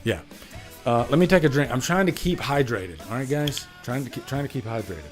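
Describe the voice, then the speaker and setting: A man's voice: medium pitch, animated, brisk, soft background music. A man hosting a casual live Q&A stream, chatty and emphatic, often checking in with "all right?" into a studio mic. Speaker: livestream host. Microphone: studio condenser mic.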